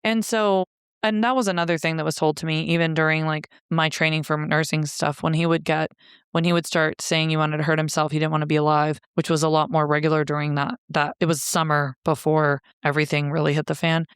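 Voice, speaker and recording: A woman's voice: sits low, flat delivery, a little fast, smooth, no room sound, clean studio sound. A woman telling her own story as a podcast guest, in a blunt, profane way and with wry laughter. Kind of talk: candid storytelling.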